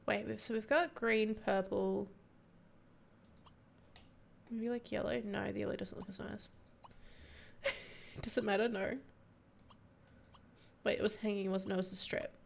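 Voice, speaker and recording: A woman's voice: mid-range voice, little pitch movement, unhurried, vocal fry, pauses often. A young woman giving casual, giggly let's play commentary, gushing over sweet moments in the game with faint game music behind her. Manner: gushing, giggly, easily moved. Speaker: gameplay commentator.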